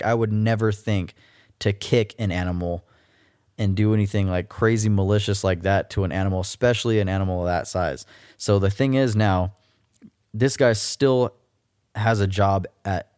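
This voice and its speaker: A man's voice: fairly low pitch, a little mellow, no echo, studio quality. A man hosting a solo podcast, ranting in a casual, blunt and profane way. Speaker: podcast host.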